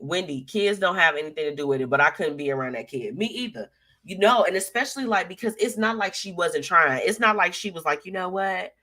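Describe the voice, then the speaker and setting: A woman's voice: deep voice, a bit bright. A young woman hosting a live show, chatting casually and sassily while reading out viewer comments, with lots of slang and laughter.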